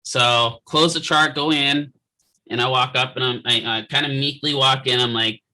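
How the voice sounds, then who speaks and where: In a steady, medium-pitched voice at a moderate pace, pushed and bright, a man lectures students about physical therapy from his office. He jokes, tells anecdotes, and often poses rhetorical questions to check understanding, all on a low-quality recording.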